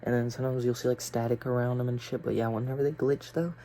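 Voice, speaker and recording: A man's voice: mid-range voice, little pitch movement, fast, dark tone. Rambling, profane young man with faint hiss. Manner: rambling, profane, filler-heavy. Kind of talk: casual storytelling vlog.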